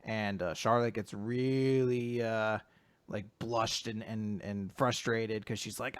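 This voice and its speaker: A man's voice: on the low side, slow pace, smooth, no room sound. Dry-voiced man recapping comics. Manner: animated retelling, acts out lines, frequent fillers. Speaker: podcast co-host. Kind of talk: casual chat recapping comics.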